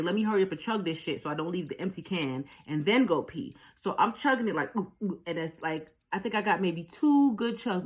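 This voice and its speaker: Candid New woman telling a story. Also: medium pitch. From New York. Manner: candid, profane, talks straight to viewers. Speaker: vlogger. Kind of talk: storytime monologue.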